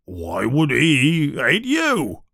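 A man voicing a big, gruff, kindly male gamekeeper in a storybook reading, hesitant and hemming. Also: medium pitch, very animated, takes it slowly, dry recording, studio quality, full character voice. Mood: evasive. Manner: hesitant, with filler sounds.

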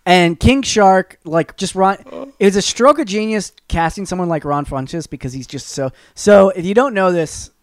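A man co-hosting a podcast in casual chat, talking in a rambling, animated way with many fillers and restarts. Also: high-pitched, normal speed, dry recording, clean studio sound. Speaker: podcast co-host.

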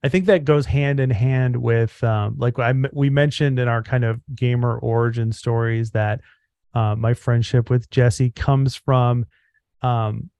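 A man's voice: mid-range voice, fairly even intonation, unhurried, darkish tone, no room sound. A man co-hosting a podcast, speaking in an earnest, reflective way with frequent fillers such as "um" and "like". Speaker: podcast co-host. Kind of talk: casual podcast chat.

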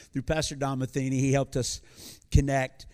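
A man's voice: medium pitch, fairly even intonation, unhurried, a little mellow. An American man in his sixties, a visiting pastor giving a live sermon to a congregation, talking in a folksy, joking way with many fillers and restarts. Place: church before a congregation.

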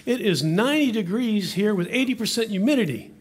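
A man's voice: high-pitched, animated, fairly quick, husky, voice pushed up. A man voicing an exasperated, incredulous devil in a joke told during a sermon. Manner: incredulous, raised and louder. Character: exasperated devil, the male ruler of hell.

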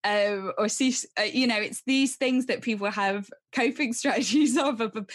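A woman's voice: medium pitch, moderate pace. A woman co-hosting a podcast, talking in an earnest, rambling way with frequent restarts. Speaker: podcast co-host. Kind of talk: casual podcast chat.

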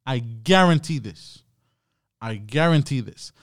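A man with a mid-range voice and lively intonation talks slowly, recorded dry at studio quality. During a live stream he casually rants to chat, swearing and drifting from topic to topic.

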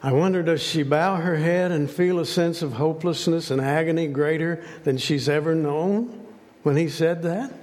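A man's voice: fairly high pitch, moderate pace, darkish tone. A man preaching a sermon, telling a story dramatically and asking rhetorical questions. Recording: long hall reverb.

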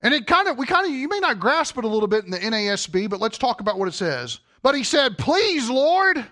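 A man's voice: sits high, lively intonation, quick pace, pushed and bright. A man preaching a sermon as pastor, emphatic and full of rhetorical questions.

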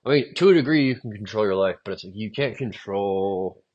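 A young man rambling through a profane solo monologue, drifting off into quiet mumbles between lines. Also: fairly low pitch, lively intonation, brisk, breathy edge, muffled recording. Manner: meandering, profane, trails off quietly. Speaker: podcast host.

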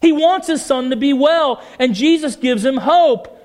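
A man's voice: very high-pitched, measured pace, a little mellow. A man preaching a sermon, passionate and emphatic, often putting questions to his listeners.

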